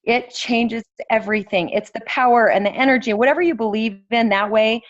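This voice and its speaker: Hoarse woman speaking on her phone. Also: a little high, brisk, no echo. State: hoarse from yelling. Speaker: team member on a group call. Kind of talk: casual sharing on a video call. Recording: dull lo-fi phone audio.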